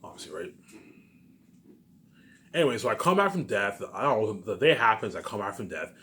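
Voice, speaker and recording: Speaking on the low side with big pitch swings, slightly fast and with a pushed, bright quality, this man from Canada vlogs solo to camera. His monologue rambles and repeats, full of profanity and emphasis, with "obviously" coming up again and again.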